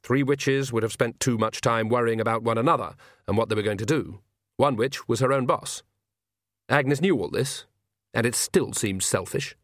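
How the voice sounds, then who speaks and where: A man narrating a comic fantasy audiobook with a dry, even storytelling manner. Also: medium pitch, moderate pace, no echo. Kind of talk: scripted narration.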